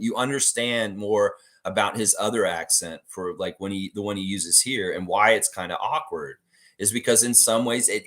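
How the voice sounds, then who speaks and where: A man's voice: on the low side, fairly bright tone. A Canadian man hosting a casual live stream, reading out viewer comments and rambling with many fillers and self-corrections. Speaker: podcast host.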